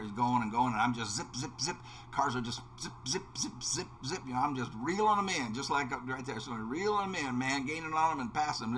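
A man's voice: mid-range voice, fairly bright tone. A man hosting a game video, telling a casual anecdote with many restarts, fillers and repeated words. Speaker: let's play host. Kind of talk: casual anecdote told while gaming.

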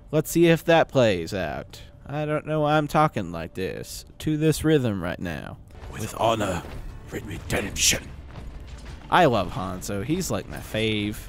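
A man giving live gameplay commentary as a channel host, excitable, swearing and yelling at the game. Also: medium pitch. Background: game music and sounds.

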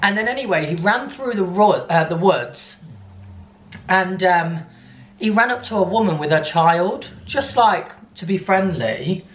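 A young man vlogging in a casual, animated way, telling an upsetting story. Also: high-pitched, a little slow, a little hiss or hum. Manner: animated, upset storytelling, cooing softly to his dog. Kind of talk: casual vlog chat. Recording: echoey room.

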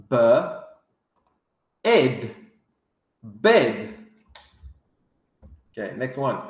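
A man teaching English words to young children, drilling each word slowly with excited gasps. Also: mid-range voice, roomy sound. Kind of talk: vocabulary lesson for kids.

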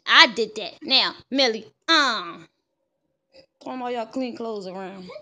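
A young woman with a high, bright, piercing voice films a casual home vlog. She teases small children playfully and calls out to them loudly, taking her time between phrases. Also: slow pace, a little hiss or hum. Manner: playful teasing, loud call-outs to small children. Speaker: vlogger filming toddler twins.

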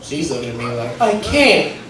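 A male stand-up comedian telling profane stories about fatherhood to a live audience, with shouted punchlines. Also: a little high, very animated, moderate pace. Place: comedy club stage before a live audience. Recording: echoey room, mic heard from a distance, audience noise.

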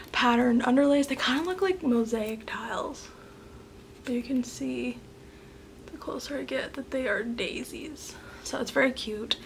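A woman's voice: fairly high pitch, a little hiss or hum. A woman vlogging a casual haul from her desk at home, rambling and chatty with lots of "um" and "like", sometimes dropping almost to a whisper. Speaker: planner vlogger and sticker shop owner.

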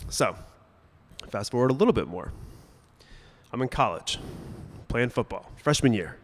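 A man's voice: mid-range voice, lively intonation, moderate pace, big-room sound. A young adult man telling a personal story to a live audience, conversational with sudden emphatic bursts and comic timing. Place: stage at a brewery event.

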